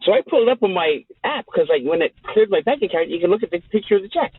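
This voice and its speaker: A man hosting a show and telling a story in a casual, profane, animated way, acting out the people in it, with a tinny, dry sound. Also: sits high, fast, husky, dry recording. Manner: animated, profane, acts out the people in his stories. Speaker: host.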